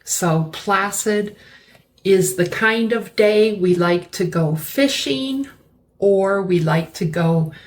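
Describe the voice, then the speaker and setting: A woman teaching English vocabulary, explaining words slowly and repeating key terms. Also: medium pitch. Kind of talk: slow classroom-style vocabulary lesson.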